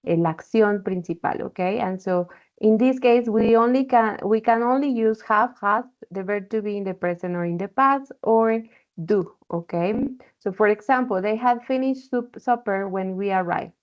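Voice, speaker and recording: A woman's voice: mid-range voice, normal speed. Woman teaching, checking in with "okay?". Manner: explains patiently, often checking with "okay?". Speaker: English teacher. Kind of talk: online class instruction. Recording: dull lo-fi call audio.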